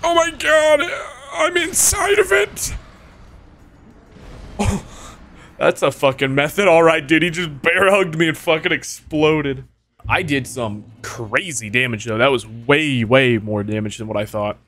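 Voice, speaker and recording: Excitable young man swearing through gameplay. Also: medium pitch, unhurried. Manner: excitable, swears often, jumps to yelps when hit. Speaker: gaming streamer. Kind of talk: casual gameplay commentary.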